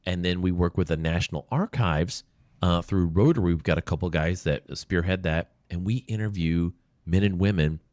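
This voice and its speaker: Low-pitched man, earnest storytelling, dry close mic. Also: moderate pace, darkish tone, dry recording. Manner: earnest, emotional, storytelling with quoted voices. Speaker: podcast guest, veteran advocate. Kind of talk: conversational storytelling interview. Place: small room.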